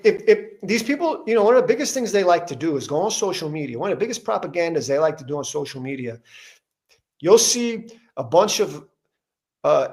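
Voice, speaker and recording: A man hosting an interview, talking emphatically with frequent restarts and rising intensity as he gets worked up. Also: a little high. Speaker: podcast host interviewing a politician. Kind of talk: heated conversational interview.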